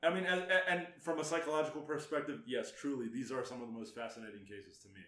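A man's voice: mid-range voice, fast, a bit bright. Laid-back male co-host, casual musing chat, roomy echo. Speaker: podcast co-host.

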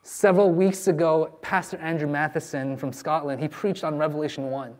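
A man's voice: a little high, fairly even intonation, moderate pace. A man preaching a sermon as a pastor, earnest and pleading with his listeners.

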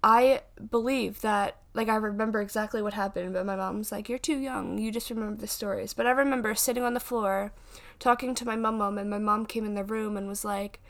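A woman's voice: mid-range voice, steady tone, fairly quick. A woman in her twenties hosting a casual podcast, chatting in a rambling way with many fillers and restarts. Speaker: podcast host and paranormal investigator. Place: home.

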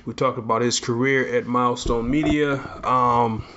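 A man's voice: medium pitch, steady tone, moderate pace, highs cut off, noisy background. A man hosting a podcast, talking casually and rambling with many restarts. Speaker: podcast host. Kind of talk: casual chat.

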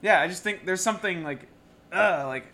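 A man's voice: high voice, normal speed, pushed and bright, slight background noise. A young man co-hosting a wrestling podcast, joking and laughing in casual banter. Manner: laughing, jokey, acts out quotes. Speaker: podcast co-host.

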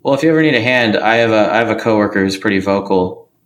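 A man from East Texas chatting as a guest, quick and chatty with plenty of fillers. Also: on the low side, a little hiss or hum. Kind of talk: casual conversation.

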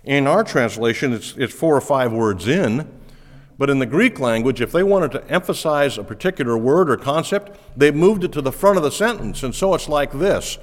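A male pastor delivers a sermon with an emphatic, earnest manner, often doubling words as he stresses a point. His pitch moves widely. The voice rings out with a long reverb of a large hall. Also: animated, normal speed.

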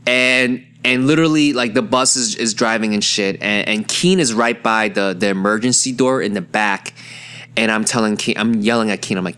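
A young man telling a personal story in a rambling, profane, excitable way, with plenty of fillers. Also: fairly low pitch, a little fast, clean tone. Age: young adult. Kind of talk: casual storytelling.

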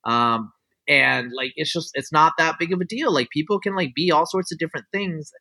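Man, bright forceful voice, somewhat high, casual interview talk, many fillers. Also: moderate pace, husky. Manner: rambling, heavy on "like" and "you know" fillers; opinionated, explaining his views at length. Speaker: guest scientist.

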